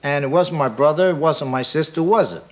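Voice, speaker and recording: A man's voice: a little high, fairly quick, pitched above the performer's own voice, lightly acted. A man voicing a brash male cab driver from Brooklyn with a Brooklyn accent, quizzing his passenger. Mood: pushy.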